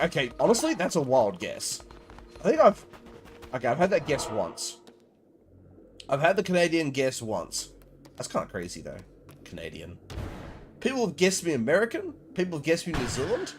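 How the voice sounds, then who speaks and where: A man's voice: a little high, wildly swooping pitch, normal speed, long pauses, soft background music. An Australian man in his thirties, hosting a game stream and chatting casually with viewers in a rambling, playful, teasing way. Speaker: livestream gamer host. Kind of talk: casual chat while gaming, reading viewer comments.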